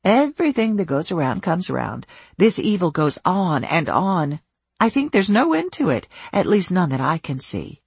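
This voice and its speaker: A woman's voice: lowish voice, very animated, normal speed, gravelly, husky, no room sound, heavily acted. A narrator voicing a confused older woman who drifts into a dreamy sing-song way of speaking, in a dry, close recording. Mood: cryptic, sad.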